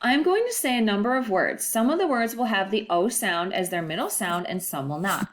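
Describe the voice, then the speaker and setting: A woman teacher giving a recorded phonics lesson, slow and deliberate, stretching out the model words and praising often. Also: medium pitch, expressive. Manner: encouraging, sing-song classroom delivery.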